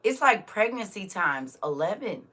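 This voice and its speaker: At a moderate pace and in a mid-range voice, this middle-aged livestream host talks informally to her viewers. Her mood is emotional and lively, full of laughter, shifting from soft reflection to loud outbursts.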